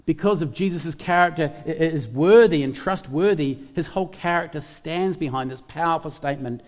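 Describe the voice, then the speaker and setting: A man's voice: on the high side, darkish tone, in a large hall. A man preaching a sermon, emphatic, repeating key phrases and putting questions to his listeners. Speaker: pastor.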